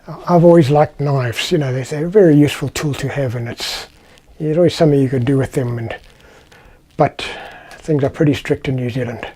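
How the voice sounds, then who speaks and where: Husky-voiced South African man telling stories. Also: mid-range voice, fairly quick, warm tone. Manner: chatty and anecdotal, with restarts. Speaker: vlogger. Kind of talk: casual storytelling.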